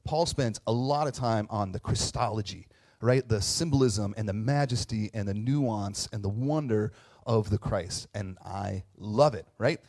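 A middle-aged man preaching a sermon in a conversational way, often checking in with a quick tag question and joking at his own expense. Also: fairly low pitch, a little mellow. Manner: conversational, tag questions, self-deprecating humor. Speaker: pastor.

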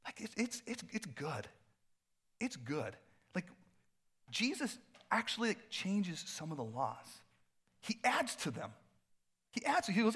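A middle-aged pastor preaching a sermon in a loose, conversational way, full of fillers and asides. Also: male voice, high-pitched, sing-song, unhurried, a bit bright, husky.

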